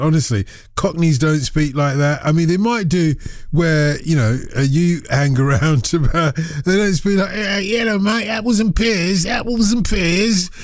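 A man's voice: on the high side, a little mellow, dry recording. A male radio host, bantering and teasing a caller with laughing asides. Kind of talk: radio phone-in hosting. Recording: dry studio mic with faint music.

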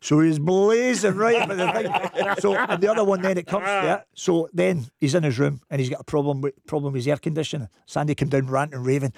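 A man's voice: on the high side, fast talker, vocal fry, no room sound, studio quality. A man with a Glasgow accent, a football coach telling a funny story in a casual chat. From Scotland. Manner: lively anecdotal storyteller.

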